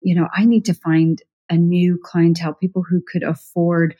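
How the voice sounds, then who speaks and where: A middle-aged woman telling her story as a guest in a casual interview, chatty and animated, acting out what others said with little laughs. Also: lowish voice, moderate pace, slightly rough, highs cut off. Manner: chatty, animated, acts out quoted voices with laughs. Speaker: professional organizer, podcast guest.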